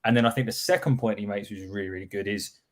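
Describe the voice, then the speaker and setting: A man co-hosting a live podcast, talking through his points in a measured, analytical way. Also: lowish voice. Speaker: podcast co-host. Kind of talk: casual live-stream chat.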